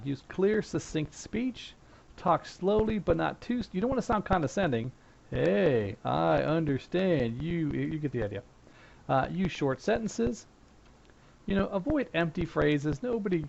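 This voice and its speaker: Guy teaching help desk stuff, gravelly kinda voice, muffled lo-fi sound. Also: high voice, animated, a little fast, a little mellow. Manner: conversational, acts out sample phone lines. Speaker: instructor. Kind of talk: casual lecture. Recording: dull lo-fi recording.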